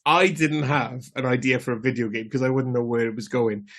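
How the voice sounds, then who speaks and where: Man, podcast co-host, casual chat, blunt, sweary, laughs often, mid pitch. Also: fairly even intonation, brisk, a bit bright.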